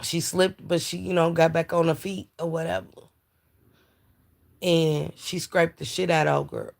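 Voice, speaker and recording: A woman's voice: low voice, fairly even intonation, measured pace, creaky, long pauses, darkish tone. A tired woman hosting a casual live stream, chatting about celebrity gossip and greeting viewers in chat. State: tired, yawning. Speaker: livestream commentator.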